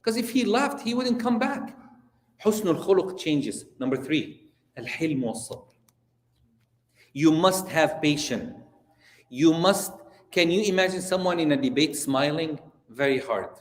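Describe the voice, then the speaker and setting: Male imam, lively storytelling lesson, slightly high voice, echoey hall. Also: unhurried. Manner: animated, storytelling, asks the audience questions. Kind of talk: religious lesson. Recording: roomy echo.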